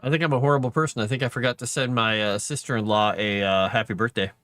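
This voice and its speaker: Bright-voiced man chatting while he writes. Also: on the low side, fairly even intonation, fast, no room sound. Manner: chatty, trails off mid-sentence. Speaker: author on a live writing stream. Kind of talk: casual chat while writing.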